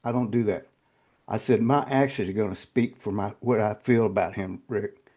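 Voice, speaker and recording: An older man, a guest telling personal stories in an interview, halting and repeating words, turning quiet and choked when emotional. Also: on the low side.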